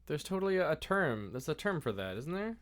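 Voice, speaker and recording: A man co-hosting a podcast in casual chat, easygoing and quick to laugh and chime in. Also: a little high, big pitch swings. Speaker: podcast co-host.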